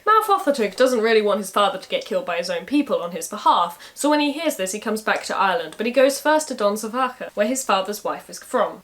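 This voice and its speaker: A woman's voice: mid-range voice, animated, quick pace, few pauses. A woman retelling a medieval saga in a casual way, with wry, sarcastic asides. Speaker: storyteller.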